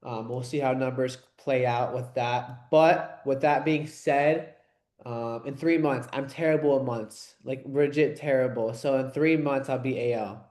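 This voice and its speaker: A man's voice: medium pitch, steady tone, measured pace, a little mellow. A man on a team call, talking casually about his goals, with frequent hesitations. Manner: hesitant, lots of ums. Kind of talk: casual chat. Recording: echoey room.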